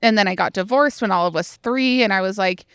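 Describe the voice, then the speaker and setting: A woman's voice: medium pitch, a little fast, fairly bright tone, clean tone, no echo, studio quality. A woman in her late twenties co-hosting a podcast in casual chat, talking freely with lots of fillers and acting out what other people say. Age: 20s. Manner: chatty, many "like" fillers, acts out others' lines. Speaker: podcast co-host.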